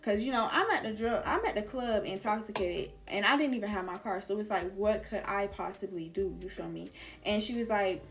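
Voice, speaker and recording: A woman's voice: mid-range voice, a little fast, soft background music. A young woman vlogger telling a casual storytime, slangy and chatty with lots of "like" and "girl".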